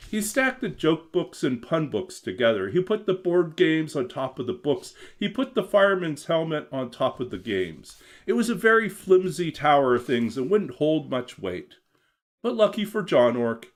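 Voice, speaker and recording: A man reading his own children's story aloud in a gentle, expressive storytelling manner, then chatting casually with his stream viewers. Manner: expressive, gentle storyteller who swings his pitch a lot.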